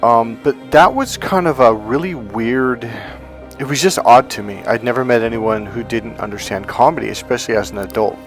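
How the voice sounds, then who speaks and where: A man's voice: mid-range voice, moderate pace, soft background music. A middle-aged man and self-help coach talking casually, telling stories with plenty of restarts and acting out what people said. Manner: chatty, animated storytelling with acted-out quotes. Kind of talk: casual talking-head advice.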